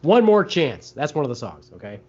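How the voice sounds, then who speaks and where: A man's voice: fairly high pitch, big pitch swings, brisk, darkish tone, slight background noise. A man co-hosting a casual podcast chat, talking in a joking, rambling way with many fillers. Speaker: podcast co-host. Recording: dull lo-fi sound.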